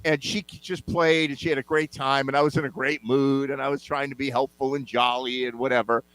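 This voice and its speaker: A man's voice: medium pitch, a little fast, dry recording, low-quality recording. A man who runs music jam sessions, telling stories in a casual chat, swearing freely and acting out the voices of people in them. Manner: animated, acts out voices in anecdotes, swears freely.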